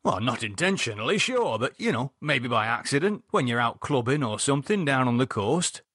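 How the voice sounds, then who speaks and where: A man voicing a calm, sardonic man who talks in a wry, teasing, level-headed way, with a husky voice. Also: medium pitch, moderate pace, no echo, studio quality.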